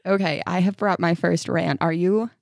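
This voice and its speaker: A woman's voice: on the low side, fairly even intonation, normal speed, gravelly, darkish tone, no room sound, clean studio sound. A woman in her thirties from upstate New York, co-hosting a podcast in casual chat, ranting and laughing often. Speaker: podcast co-host.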